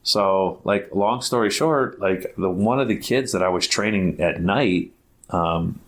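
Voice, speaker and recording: A middle-aged man from Ohio, a basketball academy founder appearing as a podcast guest, tells a loose, rambling story packed with "like" and restarts, acting out the dialogue he quotes. His voice is low and his pace measured.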